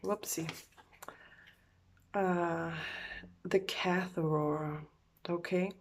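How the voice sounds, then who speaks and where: A woman's voice: lowish voice, steady tone, very slow, a little hiss or hum. A woman doing a casual oracle card reading, groggy from just waking up and talking hesitantly with many fillers and self-corrections.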